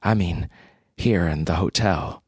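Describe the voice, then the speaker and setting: A man voicing a shy, nervous young woman in a story, speaking haltingly. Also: sits low, darkish tone, slightly rough, no echo, studio quality. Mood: hesitant. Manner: hesitant, halting.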